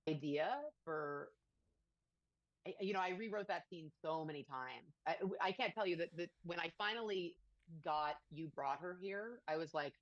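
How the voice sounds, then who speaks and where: Interviewee, woman with a very low voice, thoughtful and searching for words, dull dry clip. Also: normal speed, no room sound. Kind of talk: interview answers.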